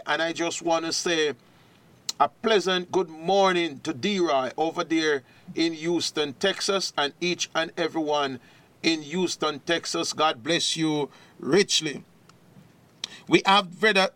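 Man, preacher, sermon, slow deliberate delivery, declaims scripture. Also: fairly high pitch, a bit bright.

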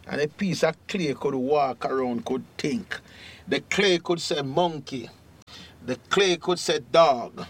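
Fervent Jamaican preacher, high and bright. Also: male voice, dry recording. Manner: fervent, drawn-out preaching with loud rising exclamations. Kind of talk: sermon.

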